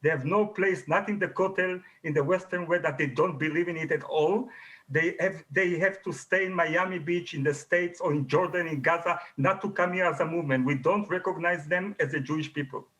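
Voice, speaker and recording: A man's voice: fairly high pitch, brisk, a bit bright. A man, a rabbi in a heated televised debate, making blunt, emphatic short declarations.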